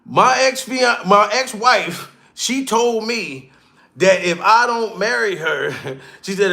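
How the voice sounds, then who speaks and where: A man giving a loud, rowdy, profane comedy reaction commentary, laughing and swearing as he rants. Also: high voice, slow, vocal fry.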